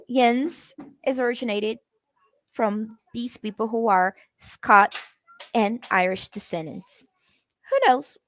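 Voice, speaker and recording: Slow, chatty woman teaching English. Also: a little high, no room sound. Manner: chatty, addresses viewers in the comments. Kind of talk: live-streamed language lesson.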